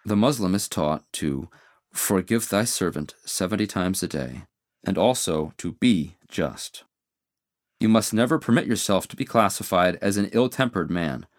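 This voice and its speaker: A man delivering a formal, earnest moral address, reading scripture slowly and deliberately. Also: deep voice, animated, no room sound, studio quality. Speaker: speaker giving a moral address. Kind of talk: formal inspirational sermon.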